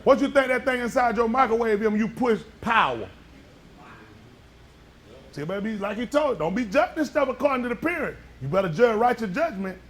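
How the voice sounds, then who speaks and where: High-voiced joking preacher man. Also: animated, fairly quick. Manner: folksy, joking preacher who quizzes the congregation. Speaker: pastor. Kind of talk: sermon with call and response.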